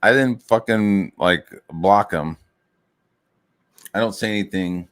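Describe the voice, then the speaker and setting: A man's voice: on the low side, slow pace, fairly bright tone. A man streaming while he draws, talking in a casual, rambling rant full of swearing and filler words. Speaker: streamer and comic artist.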